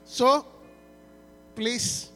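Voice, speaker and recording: A man's voice: extremely slow, bright, forceful tone, soft background music. A man preaching in a church service, pleading and repetitive, often restarting his words as he urges people forward to give. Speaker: pastor launching a book.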